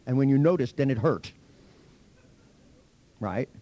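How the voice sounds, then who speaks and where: A man's voice: medium pitch, animated, unhurried, dark tone, muffled recording. A man teaching a hypnosis seminar to a live audience, telling anecdotes in a blunt, profane, teasing way. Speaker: hypnosis instructor.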